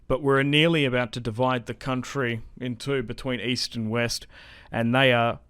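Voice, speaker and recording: A young man giving casual, chatty commentary while playing a strategy game, getting excited and laughing often. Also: medium pitch, clean tone, no echo. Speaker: gaming YouTuber.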